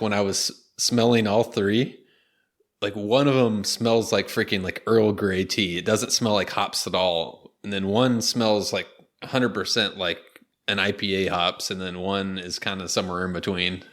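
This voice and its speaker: A man's voice: lowish voice, normal speed. A man co-hosting a beer podcast in casual chat, joking, swearing and laughing often. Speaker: podcast co-host.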